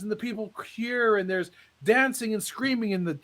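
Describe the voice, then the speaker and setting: A man co-hosting a podcast, telling a comic story as a dramatic storyteller with suspenseful pauses. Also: high-pitched, a bit bright. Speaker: podcast co-host.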